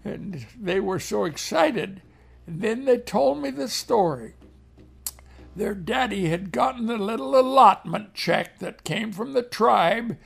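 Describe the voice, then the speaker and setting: A male missionary with a high, gravelly voice and a breathy edge speaks slowly and expressively in a folksy radio ministry appeal. He talks plainly, calls his listeners "neighbor," and tells an emotional story.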